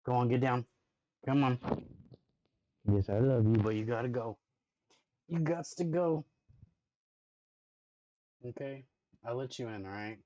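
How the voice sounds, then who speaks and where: A man's voice: medium pitch, fairly even intonation, moderate pace, pauses often, warm tone, lo-fi sound. A man streaming and reacting to videos, talking loosely with lots of 'like' and 'dude'. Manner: loose slangy talk with constant 'like' and 'dude'; chatty, talks playfully to his dog. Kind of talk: casual reaction stream chat.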